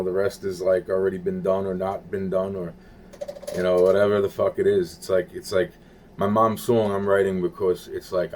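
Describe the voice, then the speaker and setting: A man with a very low, dark voice rambles through a monologue. He repeats himself, swears often and trails off mid-thought. A faint hiss sits under the recording. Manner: rambling, repetitive, profane, searching for words.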